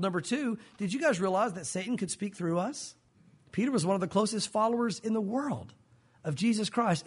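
A male pastor delivers an animated sermon at a quick clip. His voice sits high and sounds husky, and he slips into little acted-out voices as he teaches.

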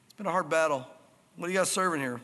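A man's voice: fairly high pitch, quick pace, sharp tone. A man voicing a warrior king who orders food in a casual, offhand way. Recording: reverberant hall.

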